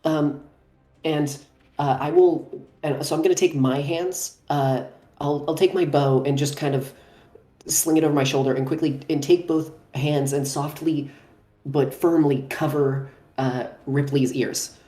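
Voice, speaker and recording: Low, dark-voiced woman player, echoey room. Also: fairly even intonation, measured pace. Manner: hesitant, thinking aloud. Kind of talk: casual tabletop play.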